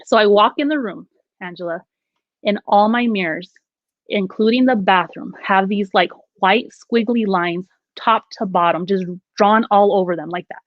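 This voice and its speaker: A woman's voice: mid-range voice, moderate pace, dry recording. A woman telling her own ghost story in casual conversation, acting out the quoted lines as she goes. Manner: animated, acts out quoted lines. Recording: dull, dry lo-fi audio.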